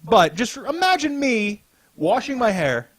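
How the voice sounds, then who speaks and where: Animated, swearing young man telling stories. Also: very high voice, unhurried, no room sound. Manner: animated storyteller, swears often, laughs while telling. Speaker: podcast host. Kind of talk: casual chat.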